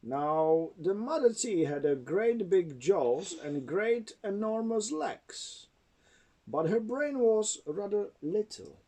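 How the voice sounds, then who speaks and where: A man's voice: sits high, very animated, slow pace, dark tone. A man with Czech as his first language, reading a storybook aloud to his child at home in a sing-song way.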